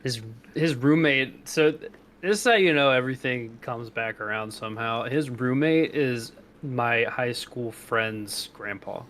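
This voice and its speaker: A man's voice: medium pitch, unhurried, a bit bright. Young man, podcast co-host, casual chat, profane, laughing storyteller.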